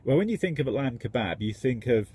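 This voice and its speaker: A man's voice: mid-range voice, expressive, fast talker, a little mellow, breathy edge. A man, a tradesman, rambling enthusiastically in a casual vlog. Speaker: tradesman contractor.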